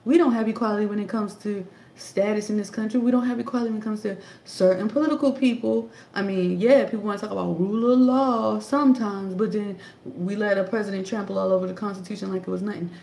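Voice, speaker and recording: A woman in her thirties speaks quickly into a tablet in an echoey room, her voice mid-range, creaky, and dark, with fairly even intonation. Her casual political commentary is emphatic and sarcastic, packed with rhetorical questions.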